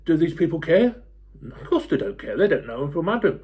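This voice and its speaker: A man in his forties, talking to camera in a blunt, fed-up rant, swearing freely and pausing on lots of ums. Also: a little high, very animated, darkish tone. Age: 40s. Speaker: football fan YouTuber.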